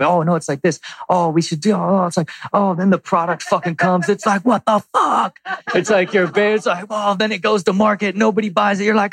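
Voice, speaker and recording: A man in his forties fields audience questions in a casual Q&A, rambling loosely, swearing freely, and acting out little quotes. His medium-pitched voice has no room sound.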